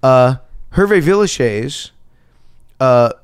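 A man in his fifties chats casually as a podcast guest. He tells his stories with lively, laughing energy in an ordinary mid-range voice. The sound is close and dry. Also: mid-range voice, slow pace, clear, resonant tone, dry recording. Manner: animated storyteller, laughing often. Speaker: actor guest.

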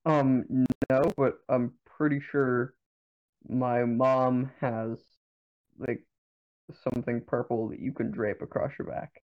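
A man on a group video call, chatting in a laid-back way with deadpan jokes. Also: mid-range voice, takes it slowly, dull audio. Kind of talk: casual chat on a group call.

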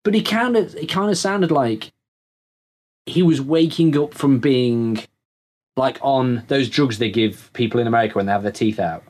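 A man's voice: mid-range voice, normal speed, darkish tone. A man co-hosting a casual chat, musing aloud and tagging questions onto his points. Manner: chatty, musing, tag questions. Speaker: podcast co-host.

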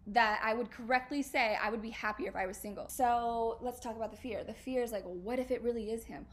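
A young woman talks straight to her listeners in a candid podcast chat. Her voice sits a bit high, and her casual slangy delivery jumps into loud emphatic bursts and frequent laughs. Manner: animated, slangy, laughs often, emphatic outbursts. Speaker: podcast host.

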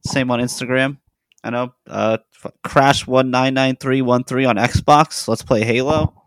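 A man's voice: mid-range voice, fairly even intonation, a little slow, no room sound. A man from Massachusetts co-hosting a podcast, blunt and jokey, swearing in casual chat. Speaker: podcast co-host.

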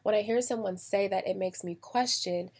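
An American woman hosting a podcast in a casual, chatty way, acting out quoted voices with big jumps in pitch. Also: moderate pace, darkish tone. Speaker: podcast host. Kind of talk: casual solo podcast talk.

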